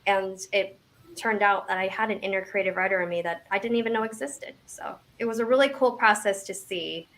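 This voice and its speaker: Woman around forty, halting and self-deprecating. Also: mid-range voice, fairly bright tone. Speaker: interview guest, memoir author. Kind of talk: casual interview chat.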